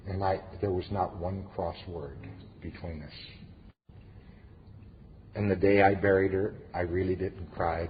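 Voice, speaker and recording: A middle-aged man speaking at a recovery meeting, telling his personal story earnestly with flashes of dry humor. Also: sits low. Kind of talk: personal testimony talk. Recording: echoey hall, dull lo-fi sound with faint hiss.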